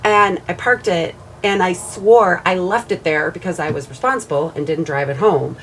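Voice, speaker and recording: A woman's voice: fairly low pitch, moderate pace, slight background noise. A woman co-hosting a podcast, telling a story in casual chat, laughing, swearing and quoting others. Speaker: podcast co-host.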